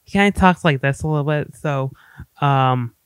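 Male podcast co-host, smooth crisp voice, slightly high; jokey, casual. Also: normal speed, no room sound. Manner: joking, laughs, mimics actors. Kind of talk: casual chat.

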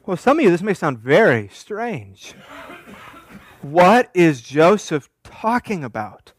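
A man's voice: high-pitched, sing-song, slow pace. A man preaching an expository sermon, emphatic, asking rhetorical questions and answering them himself. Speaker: pastor.

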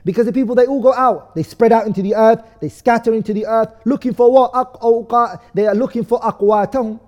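A man's voice: very high voice, a little fast, muffled recording. A man teaching a lesson. He asks the class questions, answers them himself, and recites set phrases as he goes. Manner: recites phrases in another language. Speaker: teacher of a study course. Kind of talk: classroom lesson explaining texts. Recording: long reverb of a large hall.

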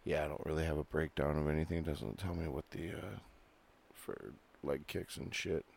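A man's voice: extremely low pitch, fairly even intonation, moderate pace, creaky, darkish tone, a little hiss or hum. A man co-hosting a late-night fight podcast from home, talking bluntly and casually and swearing freely. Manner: blunt, profane, laid-back. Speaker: podcast co-host. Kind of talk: casual chat. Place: home, fan running.

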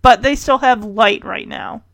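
Chatty higher-voiced woman, dry close sound. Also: unhurried, dry recording. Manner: chatty, wry asides, laughs while retelling. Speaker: show recapper. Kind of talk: casual episode recap.

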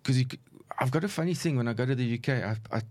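A middle-aged former football referee, relaxed and anecdotal, telling stories in a conversational interview. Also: male voice, mid-range voice, very fast. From South Africa. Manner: relaxed, anecdotal, chuckles while recounting. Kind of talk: conversational storytelling.

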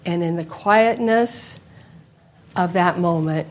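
A woman's voice: on the low side, steady tone, takes it slowly, a little mellow. A middle-aged woman giving a personal faith testimony to an audience, storytelling with repeated phrases for emphasis. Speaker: speaker at a Christian retreat.

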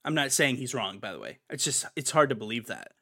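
Male podcast host, young adult, bright, emphatic, prone to ranting. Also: medium pitch, very animated, fast, creaky. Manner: ranting, emphatic, repeats himself. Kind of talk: casual podcast chat.

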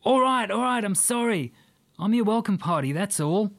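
A man's voice: high voice, expressive, normal speed, gravelly, fairly bright tone, voice pushed up, exaggerated voice. A man voicing a slight, wiry young male ship's crewman with an Australian accent, chatty and apologetic. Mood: pleading. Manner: chatty, apologetic, a bit petulant.

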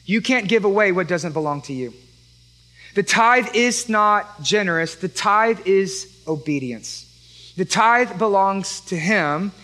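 A man preaching as a pastor, swinging between loud fervent calls and quiet, confessional moments. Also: sits high, rough recording. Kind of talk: sermon.

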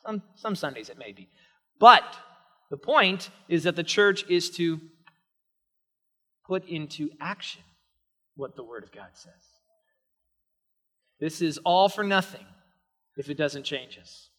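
A male pastor preaching a sermon in a church sanctuary, emphatic and swinging from hushed to loud. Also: on the high side, animated, takes it slowly, long pauses. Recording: long reverb of a large church hall.

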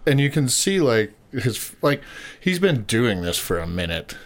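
A man telling a story on a casual podcast, swearing freely and acting out shouted lines. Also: medium pitch, measured pace, slight background noise. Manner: animated storyteller, swears a lot, acts out shouted quotes. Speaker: podcast co-host.

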